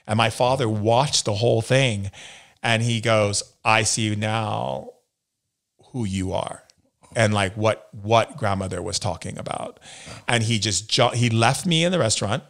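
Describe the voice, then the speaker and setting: A man speaks in a fairly low voice as an interview guest. He tells personal stories earnestly and acts out the words of the people in them. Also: normal speed. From United States. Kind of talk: personal storytelling in a sit-down interview.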